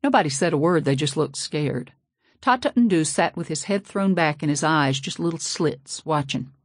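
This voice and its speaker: A woman's voice: low-pitched, lively intonation, moderate pace, no echo, clean studio sound. A woman narrating a novel in a folksy, sassy first-person voice. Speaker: audiobook narrator. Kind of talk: scripted narration.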